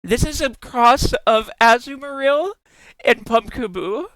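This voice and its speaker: Giggly, gushing streamer with lively pitch. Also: unhurried, no room sound. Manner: giggly, gushing, swears casually. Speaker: live streamer. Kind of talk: casual live-stream chat.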